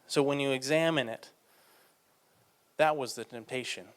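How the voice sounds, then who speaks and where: A fairly high-pitched man is preaching, reading from scripture and then explaining it as if chatting. When he wants to emphasize something, he slows down and turns up the volume.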